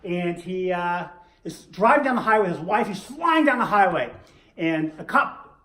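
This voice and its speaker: Joking teacher guy, bouncy lively voice, lots of questions, roomy echo. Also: high-pitched, normal speed. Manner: animated, rhetorical questions, playful. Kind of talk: lecture with jokes.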